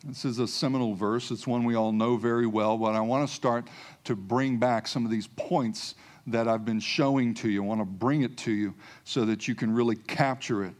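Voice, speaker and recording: A man's voice: medium pitch, steady tone, moderate pace. A man preaching a sermon, emphatic, repeating key phrases and calling out hallelujah.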